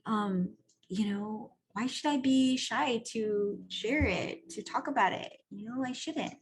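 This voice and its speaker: A woman coach telling a story in a casual, profane monologue, animated and full of "like" and "right?". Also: a little high, takes it slowly, a little hiss or hum. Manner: animated, acts out quoted voices. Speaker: personal growth coach.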